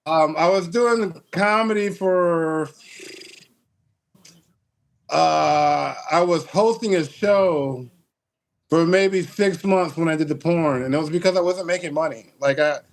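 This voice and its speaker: A comedian guest from Michigan with a high male voice. He tells loose, profane stories in a casual podcast chat, padding his sentences with "like" and "uh". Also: takes it slowly, vocal fry. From Michigan, USA.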